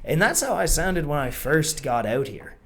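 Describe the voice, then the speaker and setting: Lively Canadian man hosting a podcast. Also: on the high side, moderate pace. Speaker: podcast host. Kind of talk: casual chat.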